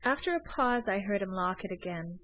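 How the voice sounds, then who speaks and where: A woman narrating an audiobook of a classic novel in an even, measured reading. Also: mid-range voice, dry recording, lo-fi sound. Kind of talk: scripted narration.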